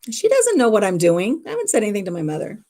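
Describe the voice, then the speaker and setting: A middle-aged livestream host, speaking from home, tells a personal family story in a rambling, emotional, casual chat. She talks very fast in a dark, medium-pitched voice with huge pitch swings.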